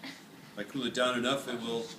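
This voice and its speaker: A joking male physics teacher demonstrates to his class, voice caught from across an echoey room. Steady noise sits under him. He talks at an average pitch. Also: moderate pace. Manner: playful, jokey, energetic demonstrator. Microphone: camera at a distance. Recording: echoey classroom from far off, noisy.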